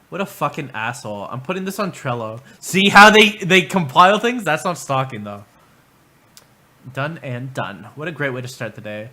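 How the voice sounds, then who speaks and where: A man's voice: a little high, big pitch swings, moderate pace, bright, forceful tone. A man hosting a livestream, commenting casually with profane, sarcastic remarks. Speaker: livestream host.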